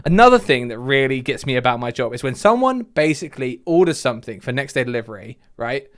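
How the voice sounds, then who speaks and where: A man's voice: medium pitch, fast talker, hardly any pauses. A young man telling comic stories about his customer service job in an exasperated, ranting way. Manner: exasperated ranting, mock deadpan. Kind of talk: comedic storytime vlog.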